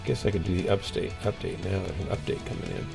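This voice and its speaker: Over music, a man with a low, gravelly voice talks fast with fairly even intonation. He's streaming a game and chatting casually, telling a rambling story full of fillers and restarts.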